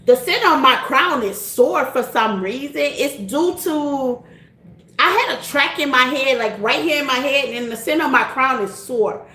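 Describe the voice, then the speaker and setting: A woman's voice: high-pitched, lively intonation, moderate pace, pushed and bright. Middle-aged lady talking to her viewers, lots of laughs and repeats herself, kinda roomy echo. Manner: laughs often, repeats phrases, folksy and direct. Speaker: tarot reader and channel host. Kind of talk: casual live-stream chat to viewers.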